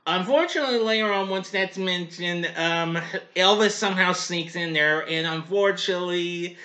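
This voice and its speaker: Bright-voiced man rambling through a review. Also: high voice, normal speed. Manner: rambling, heavy on "well" and "anyway" asides. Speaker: cartoon reviewer and host. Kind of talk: casual spoken review.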